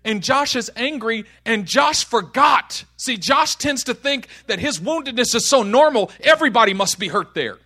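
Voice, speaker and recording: A man preaching a sermon, telling a story and acting out the voices in it, dropping to a hush and then rising to shouts. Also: very high-pitched, lively intonation, normal speed, hardly any pauses. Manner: storytelling with acted voices, swings from hushed to shouting.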